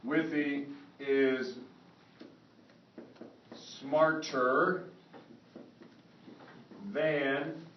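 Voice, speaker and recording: Pitched on the high side, this male teacher stretches out his words and leaves long pauses while walking a class through Spanish grammar. His manner is lively, and he frequently asks if everyone understands. Faint hiss or hum sits under dull, distant audio from an echoey classroom.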